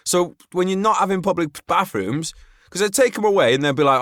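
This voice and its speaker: A man's voice: high voice, expressive, fairly quick, fairly bright tone, dry recording, studio quality. A man hosting a podcast, chatting casually in a rambling way, with lots of "like" and swearing. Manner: rambling, swears freely, frequent fillers. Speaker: podcast host. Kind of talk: casual chat.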